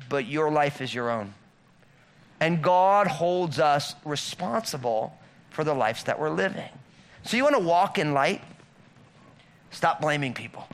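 A middle-aged man delivers a sermon in a casual, talky way. His voice sits high for a man and rings bright and forceful. He keeps checking in with "right?" and hammers his points home through repetition. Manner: conversational preaching, rhetorical questions, emphatic repetition. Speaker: pastor.

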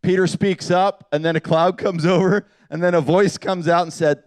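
Fervent high-voiced male preacher. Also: fairly even intonation, normal speed, smooth, no echo. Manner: passionate, swinging from loud appeals to hushed asides. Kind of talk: sermon.

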